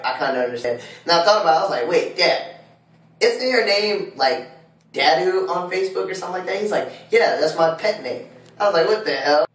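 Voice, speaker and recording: A young adult college student with a fairly high voice vlogs casually from his dorm room, recorded off-mic in an echoey room. He starts with loud, slangy hype, then shifts to quieter stories about his family during the tour.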